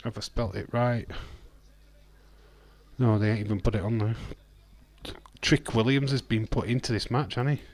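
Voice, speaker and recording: A man with a Yorkshire accent hosts a live wrestling watch-along, keeping the chat casual, laughing easily and reacting to viewer messages. His medium-pitched voice is a little mellow, with fairly even intonation at normal speed, and he pauses often.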